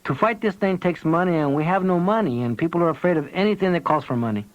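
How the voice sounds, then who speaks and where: A man doing a hard-nosed village woman laying out her case plainly and earnestly. His voice sits a little higher than his narration, over a muffled, lo-fi recording. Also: quick pace, dry recording, close to an everyday voice. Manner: earnest, blunt and steady. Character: tough, determined village woman organizer. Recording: dull lo-fi tape audio.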